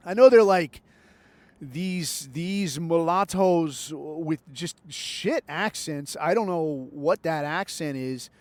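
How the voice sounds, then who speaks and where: Male podcast host, rambling, sarcastic, swears a lot, fairly high voice, dry close sound. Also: takes it slowly, a little mellow, dry recording. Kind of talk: casual solo monologue.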